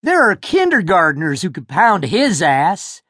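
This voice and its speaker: A man's voice: high-pitched, huge pitch swings, a little slow, sharp tone, breathy edge, no room sound, clean studio sound, heavily acted. A man voicing a brash, foul-mouthed young schoolboy who taunts a bully. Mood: taunting. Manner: cocky, taunting.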